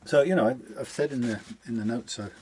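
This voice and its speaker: This man speaks fast at a medium pitch, with a slightly mellow tone and a bit of background noise. He's a guitar technician chatting his way through a workshop setup, rambling and muttering to himself while a guitar gets plucked.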